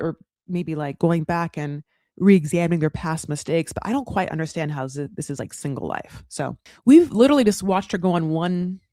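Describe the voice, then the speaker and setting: A woman's voice: lowish voice, dark tone, no echo. A woman hosting a podcast, recapping a reality show in a casual, rambling, freely swearing commentary.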